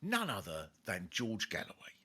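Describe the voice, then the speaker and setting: A middle-aged man hosting a comedy podcast, telling stories in an animated rant with sudden yelps and swearing. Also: fairly low pitch, normal speed, slightly rough. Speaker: podcast host. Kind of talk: comic conversation.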